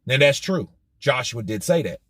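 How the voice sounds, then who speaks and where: A man hosting a boxing news channel, talking in an animated, profane way and firing off rhetorical questions. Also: mid-range voice, moderate pace, no echo, clean studio sound. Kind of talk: commentary vlog.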